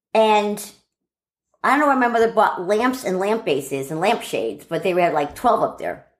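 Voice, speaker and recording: A woman's voice: mid-range voice, reverberant. A middle-aged woman casually telling a family story, acting out what relatives said. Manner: animated, acts out family members' lines.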